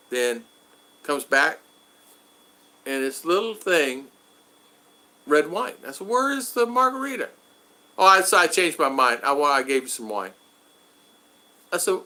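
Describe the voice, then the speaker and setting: A man in the Philippines hosts a casual stream from home with a mid-range voice that sounds pushed and bright. He reads the chat aloud, chats with viewers by name, and rambles while repeating himself a lot.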